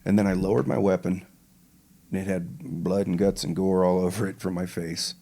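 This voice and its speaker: Deep-voiced older man recounting combat. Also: steady tone, gravelly, warm tone. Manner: slow, measured retelling with vivid detail. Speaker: podcast guest, retired pararescueman. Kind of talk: interview storytelling.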